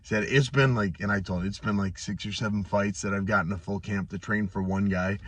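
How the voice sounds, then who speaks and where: Low-ish guy in his 30s telling a story, lots of restarts, dry and a little far from the mic. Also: no room sound. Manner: halting, many restarts and fillers, excitable when telling good news. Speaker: pro fighter vlogger. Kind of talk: casual storytelling to camera.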